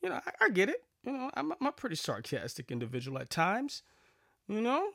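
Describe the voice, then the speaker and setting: A man's voice: high voice, wildly swooping pitch, a little fast, vocal fry, sharp tone, no room sound, clean studio sound. A man talking casually to camera in a rambling, sarcastic vlog, full of fillers and restarts. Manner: chatty, sarcastic storytelling with frequent fillers and restarts. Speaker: vlogger.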